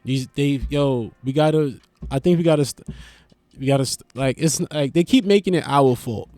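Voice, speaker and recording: A man hosting a podcast, riffing in a loose, profane, animated comic monologue. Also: medium pitch, normal speed, no room sound. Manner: loose, animated, profane, swings into loud bursts. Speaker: podcast host. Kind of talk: casual comedic monologue.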